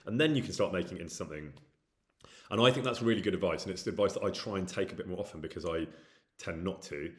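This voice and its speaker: A middle-aged actor from England, with a light Midlands accent and a deep voice, talks quickly while streaming and answering questions from chat. He's casual and candid, often saying um and restarting his sentences.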